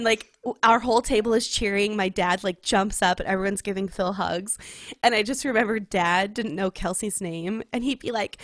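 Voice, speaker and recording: A young woman from California, co-hosting a podcast and telling a personal story in casual, heartfelt chat, full of "like" and quick laughs. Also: medium pitch, a bit bright, dry recording, studio quality. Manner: chatty storytelling, heavy use of "like", laughs often. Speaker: podcast co-host.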